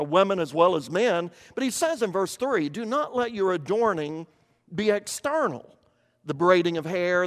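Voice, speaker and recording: A man's voice: high voice, big-room sound. An older man from eastern Kentucky preaching a sermon, explaining scripture earnestly and often repeating words as he restarts.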